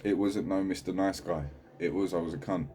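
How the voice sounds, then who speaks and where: A man speaking candidly in a video diary, halting and full of swearing, sitting at home. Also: low voice, steady tone, warm tone, a little hiss or hum. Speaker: channel host.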